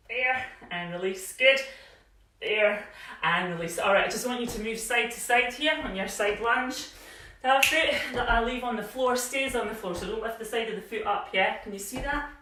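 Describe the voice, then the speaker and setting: A woman's voice: on the high side, bright, forceful tone, a little hiss or hum. A woman fitness instructor leading a live workout class at home, chatty and encouraging, a little out of breath as she exercises along. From Scotland. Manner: encouraging, chatty, cues movements with frequent "yeah?". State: slightly out of breath while exercising. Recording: very echoey room, voice from a distance.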